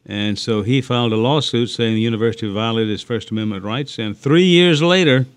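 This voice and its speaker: A man's voice: mid-range voice, brisk, clean tone. A man co-hosting a radio talk show, chatting casually and rambling with fillers and restarts. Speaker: radio host.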